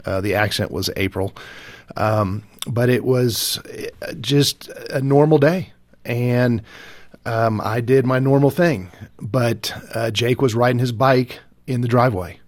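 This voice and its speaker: Halting, somber man telling his story. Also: mid-range voice, no echo. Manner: halting, somber, many fillers. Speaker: guest, father. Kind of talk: personal testimony in an interview.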